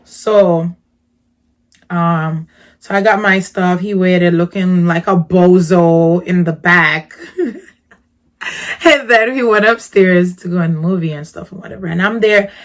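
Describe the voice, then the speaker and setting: Animated woman telling a story. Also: fairly low pitch, unhurried. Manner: animated, slangy, swings from hushed asides to loud exclaims. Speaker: vlogger. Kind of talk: casual storytelling.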